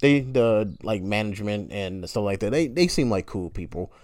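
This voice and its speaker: A man's voice: fairly low pitch, lively intonation, moderate pace, a little mellow, dry recording, clean studio sound. A man hosting a podcast, rambling casually and profanely about his job, griping with frequent laughs and mocking voices. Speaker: podcast host.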